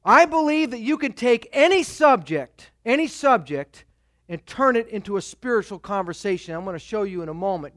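A male pastor preaching a sermon in an animated way, acting out the voices of the people he quotes. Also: sits high, no echo, studio quality.

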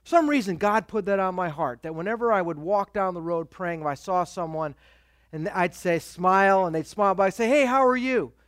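High-pitched guy preaching, acts out the quotes, dry close sound. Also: brisk, dry recording. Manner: animated, acts out quoted voices. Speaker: pastor. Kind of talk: sermon.

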